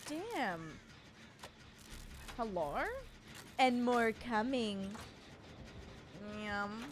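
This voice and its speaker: A woman's voice: fairly high pitch, lively intonation, measured pace, pauses often, background noise. A young woman streaming from home, chatting casually and rambling as she greets her chat by name.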